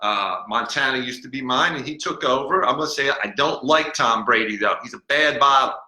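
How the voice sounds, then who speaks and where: A man's voice: mid-range voice, brisk, sharp tone. A man hosting a comedic podcast as a boastful, cranky talking-bottle persona, rambling and mocking and stumbling over words. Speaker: podcast host. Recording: echoey room.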